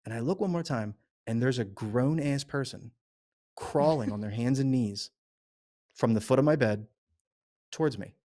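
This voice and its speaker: A middle-aged man on a podcast, telling a story in casual, profane, animated chat. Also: mid-range voice, normal speed. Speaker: podcast co-host.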